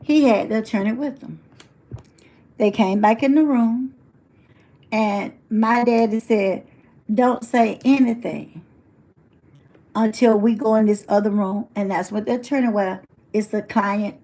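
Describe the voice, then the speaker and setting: A woman's voice: medium pitch, measured pace. A woman telling a personal story in a motivational talk, acting out her family's words and speaking to people in the audience. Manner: animated storyteller acting out family quotes, addresses audience members.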